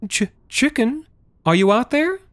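A man voicing an anxious young girl who is begging and calling out for her lost cat in a high, strained voice. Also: sing-song, a little slow, dry recording, clean studio sound, full character voice. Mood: worried.

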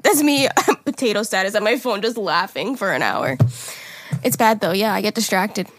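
A young woman co-hosting a podcast in a casual chat, bubbly and quick to laugh. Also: medium pitch, animated, no echo. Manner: giggly, bubbly, laughs often. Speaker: podcast co-host.

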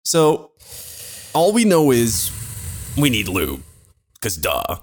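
A man's voice: medium pitch, huge pitch swings, takes it slowly. A young man casually telling an embarrassing story on a podcast, rambling and laughing at himself as he goes. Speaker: podcast co-host.

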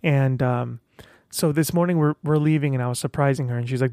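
A man's voice: mid-range voice, fast, no room sound, clean studio sound. A man hosting a podcast, talking casually on his own and acting out what other people said to him. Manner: chatty and animated, acts out quoted voices. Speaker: podcast host. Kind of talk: casual solo podcast monologue.

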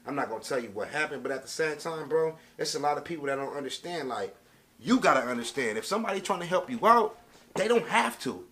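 A man's voice: on the high side, expressive, fast, bright, forceful tone. A man telling a story to camera as a casual rant, with streetwise slang and emphatic delivery. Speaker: vlogger.

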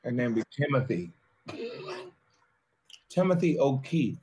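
A man's voice: mid-range voice, very animated, measured pace, dark tone, slightly rough. A man co-hosting a podcast, ranting in profane, joking bursts during casual chat. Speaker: podcast co-host.

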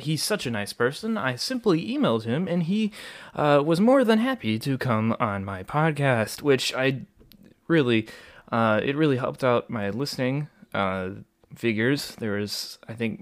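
A man hosting his own podcast in a casual, rambling monologue, chatty and jokey with many fillers. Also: mid-range voice. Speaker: podcast host.

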